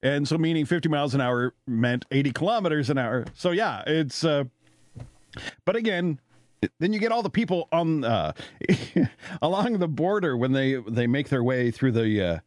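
Rambling, animated Canadian man host. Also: a little high, normal speed, no echo. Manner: rambling, animated, laughs often, many fillers. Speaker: radio talk show host. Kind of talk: casual storytelling chat.

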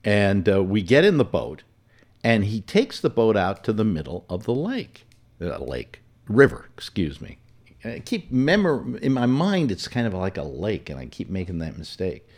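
A man's voice: on the low side, wildly swooping pitch, normal speed, darkish tone. A man telling a personal story in casual, rambling fashion, full of fillers and self-corrections. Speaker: storyteller recalling personal memories.

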